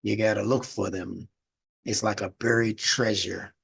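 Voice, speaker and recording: A man's voice: lowish voice, flat delivery, measured pace, gravelly, slight background noise. A man teaching a religious studies class in a lecture, explaining word meanings and asking the class rhetorical questions.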